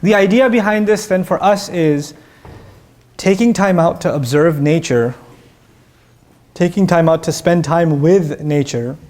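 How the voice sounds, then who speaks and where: A man giving a lecture on Quran verses, telling stories with energy and putting questions to his listeners. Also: a little high. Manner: animated storytelling, asks the audience questions. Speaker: Islamic teacher.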